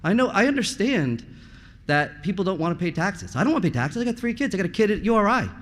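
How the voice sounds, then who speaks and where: A man's voice: high-pitched, big pitch swings, fast. Impassioned man at a meeting microphone. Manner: impassioned, blunt, rhetorical questions. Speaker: parent giving public comment. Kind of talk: public comment at a school committee meeting. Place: school committee meeting room. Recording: long reverb in a meeting hall.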